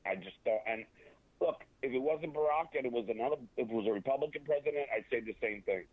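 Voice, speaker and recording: A man's voice: medium pitch, breathy edge, dry recording. Opinionated man on a tinny phone line. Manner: halting, many restarts and fillers. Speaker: guest. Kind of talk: casual interview over a phone line.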